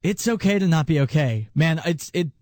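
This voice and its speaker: A man's voice: on the high side, animated, normal speed, darkish tone, dry recording, studio quality. A man co-hosting a radio show, speaking frankly and plainly to console his partner. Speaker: radio co-host. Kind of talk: radio talk.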